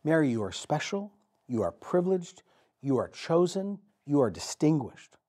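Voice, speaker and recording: A man preaching a sermon as pastor, telling the story with dramatic pauses and repetition. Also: a little high, very animated, mellow. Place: church.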